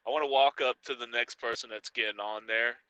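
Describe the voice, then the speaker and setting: A man's voice: medium pitch, fairly even intonation, brisk, pushed and bright, smooth, no room sound, poor audio. A man playing a tabletop role-playing game, eager and playful as he describes his moves. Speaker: player. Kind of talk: casual tabletop play.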